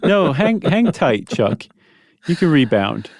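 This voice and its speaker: A man's voice: fairly high pitch, sing-song, slow, gravelly, a little mellow, no echo. A man co-hosting a podcast in casual chat, telling stories with wry, dry humor. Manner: wry, dry humor, explains things in a storytelling way. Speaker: podcast co-host.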